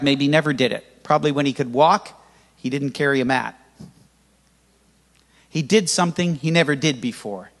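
An older man preaching a sermon as pastor, lively and humorous, with sudden loud rises. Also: fairly high pitch. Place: church hall. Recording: church hall reverb.

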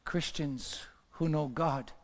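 An older man preaching a sermon, repeating phrases and building to shouted peaks. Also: a little high, slow pace. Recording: long hall reverb.

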